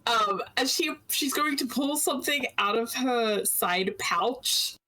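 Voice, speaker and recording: Slow-talking giggly woman player. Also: fairly high pitch, lively intonation, bright, forceful tone, rough recording. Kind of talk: casual tabletop play.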